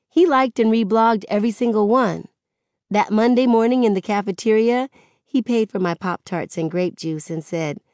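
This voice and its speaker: A woman narrates a first-person audiobook in a frank, conversational voice that gives each thought its full weight. She takes her time and sits slightly low in pitch. The close studio sound is dry and free of room echo. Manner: candid, conversational, expressive.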